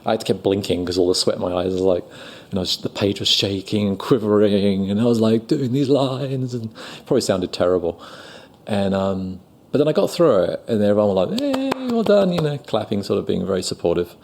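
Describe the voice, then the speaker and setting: A middle-aged man with a London accent talks casually in an interview. His voice sits low and a little gravelly. He rambles warmly through his own story, acting out the bits where he quotes people. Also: a little fast. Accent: London English. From England. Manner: chatty, self-deprecating, lots of fillers and acted-out quotes. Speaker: guest actor.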